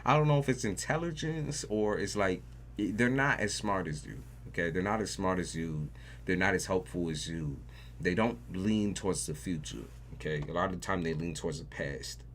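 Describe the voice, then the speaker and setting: A man's voice: low voice, normal speed, a bit bright, slight background noise. A man giving a tarot reading on a livestream, talking casually and profanely, often repeating phrases for emphasis. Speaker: tarot reader.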